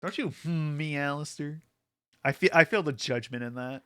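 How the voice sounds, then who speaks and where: Male streamer, bright crisp voice, rambly filler-heavy chatter, a bit wired. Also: on the high side, normal speed. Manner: rambling with many fillers, laughs often. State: hyper from an energy drink. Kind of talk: casual livestream chat.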